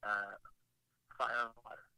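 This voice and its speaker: Bright-voiced rambling male storyteller. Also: on the low side, level tone, a little slow, clear, resonant tone, dry recording, low-quality recording. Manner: rambling, frequent restarts and asides. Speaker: rock singer, guest calling in. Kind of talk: casual interview storytelling.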